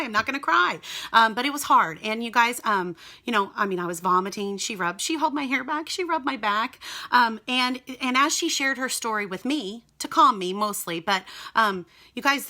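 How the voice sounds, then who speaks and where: A woman's voice: medium pitch, bright, forceful tone. A young woman telling her personal faith testimony in a casual, earnest way, often addressing viewers as "you guys.". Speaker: mother sharing a personal testimony.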